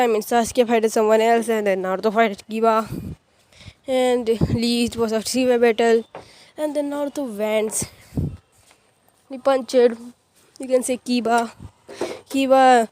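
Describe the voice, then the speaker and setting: A woman's voice: on the high side, darkish tone, a little hiss or hum. A woman casually retelling a fan story in a rambling, filler-heavy way with frequent restarts.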